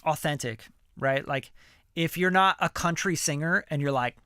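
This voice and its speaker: A man's voice: on the high side, moderate pace, bright, forceful tone, smooth, dry recording, studio quality. A man, a music producer, answering viewer questions in a loose, slangy livestream chat full of fillers. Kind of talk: casual livestream Q&A.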